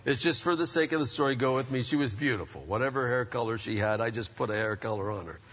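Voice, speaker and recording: A man's voice: medium pitch, fast talker, a bit bright, husky. A man preaching a sermon, a pastor telling jokes and stories to his congregation. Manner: joking, storytelling preacher. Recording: echoey hall, dull lo-fi sound.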